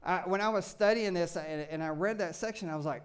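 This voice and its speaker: A male pastor preaching with a high, smooth and resonant voice. He talks in an animated way, shouting with excitement at one moment and dropping low and quiet the next. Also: a little fast, hardly any pauses. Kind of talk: sermon.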